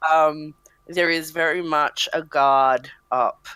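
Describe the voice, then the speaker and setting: A woman's voice: low voice, steady tone, slow, a bit bright, smooth, no room sound. A woman with an Australian accent co-hosting a podcast, blunt and swearing freely in casual chat. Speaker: co-host.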